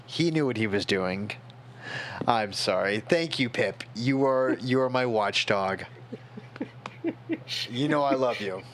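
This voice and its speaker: A man's voice: medium pitch, slow, long pauses, a bit bright, slight background noise. A tipsy man streaming, rambling in casual chat and talking to his chat moderators.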